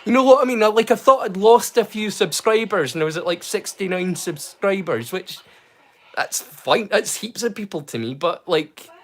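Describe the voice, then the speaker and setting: High-voiced excitable man, hesitant. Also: normal speed. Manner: hesitant, many fillers and restarts; mild stammer he keeps hidden. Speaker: livestream host. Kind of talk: casual livestream chat.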